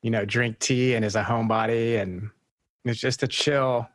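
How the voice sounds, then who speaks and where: A man's voice: medium pitch, steady tone, moderate pace, no echo. A man hosting a podcast, easygoing and answering questions thoughtfully in casual conversation. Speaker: podcast host.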